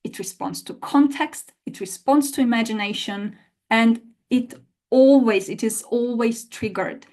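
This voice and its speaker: A woman teaching an online language lesson, explaining in a lively way and often rephrasing and repeating her points. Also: a little high, unhurried.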